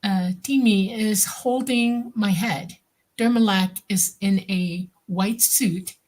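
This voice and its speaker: A woman speaks under hypnosis, describing visions in slow, halting phrases. She pauses often and searches for her words. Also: mid-range voice, darkish tone. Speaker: hypnosis client.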